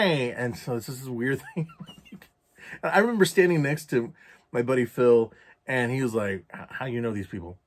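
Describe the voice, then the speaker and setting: A man vlogging a casual story, swearing a lot and loudly acting out his own past rants. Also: medium pitch, normal speed. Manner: profane, animated, acts out quoted rants loudly.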